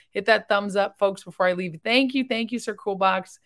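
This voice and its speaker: A woman's voice: mid-range voice, vocal fry, a bit bright. A woman hosting a casual livestream, rambling in a chatty way and talking openly and emotionally while reading viewer comments. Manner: chatty and rambling, with quick jumps between topics. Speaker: livestream host reacting to videos.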